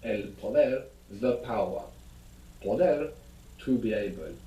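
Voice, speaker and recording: A man's voice: on the low side, animated, takes it slowly, mellow, far from the mic. A man teaching as a language teacher in a recorded audio lesson, explaining patiently and guiding with questions. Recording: echoey audio played from a speaker across a room.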